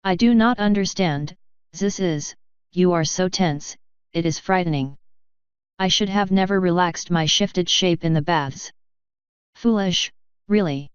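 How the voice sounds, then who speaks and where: Woman reading French-accented mare masseuse, fussy, slow and emphatic, smooth voice, dull dry recording, storybook. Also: on the low side, no echo, natural voice. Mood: distressed.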